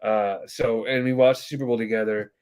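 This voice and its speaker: A man's voice: fairly low pitch, steady tone, normal speed, a little mellow, clean tone. A man hosting a podcast, telling a long family story in casual chat, rambling with many fillers and acting out quoted voices. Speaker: podcast host.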